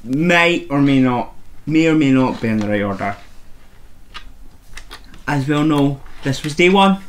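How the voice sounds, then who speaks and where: A man's voice: medium pitch, expressive, measured pace, a little hiss or hum. A man co-hosting a crafting podcast at home, chatting casually and showing off yarn to the camera. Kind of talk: casual chat. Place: home, at a table. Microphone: camera on a table.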